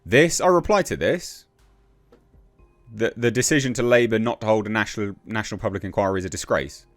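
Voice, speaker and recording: A man's voice: lowish voice, fairly quick, soft background music. A man giving casual political commentary, blunt and exasperated, with mocking sarcastic asides.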